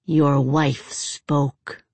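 A woman's voice: sits low, level tone, extremely slow, a little mellow, no echo, exaggerated voice. Woman voicing a growling, trembling Norse warrior. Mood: menacing. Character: gruff menacing Norse warrior, male. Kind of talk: audiobook character voice.

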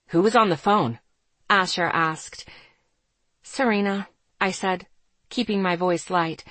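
A woman's voice: medium pitch, a bit bright, dry recording. Woman reading a first-person audiobook. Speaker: audiobook narrator. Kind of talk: first-person scripted narration.

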